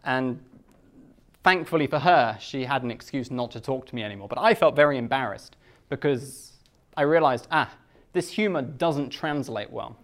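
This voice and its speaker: A British man explaining culture to language learners, stretching key words slowly and deliberately. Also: medium pitch.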